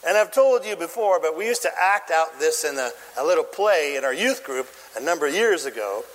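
A man preaches a sermon in a high, lively voice that jumps around in pitch. He tells the story with animation and acts out the scenes as he goes. A long reverb from a large hall rings behind his words. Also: brisk.

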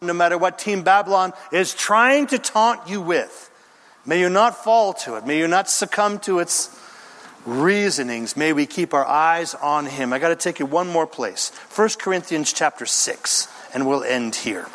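A long sanctuary reverb surrounds this male pastor, with a little hiss or hum underneath. Preaching a sermon, he uses a high, lively voice that ranges widely in pitch, and he leans on pauses and rhythmic lists in an emphatic, theatrical delivery.

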